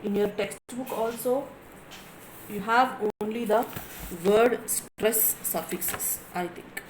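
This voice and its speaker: A woman with a Telugu accent gives a classroom lecture at a slow, patient pace. She stretches out words and repeats them again and again. A faint hiss of noise sits behind her voice. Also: on the high side, rough recording. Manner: slow, repetitive, drawn-out words. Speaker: college English lecturer.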